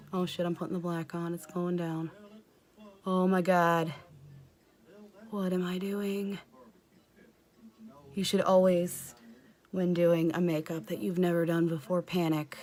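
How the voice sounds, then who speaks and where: A woman's voice: lowish voice, little pitch movement, measured pace, pauses often, darkish tone. A woman doing a casual, comedic makeup tutorial, swearing freely, mocking herself and often dropping into a whisper. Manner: profane, self-mocking. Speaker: makeup vlogger.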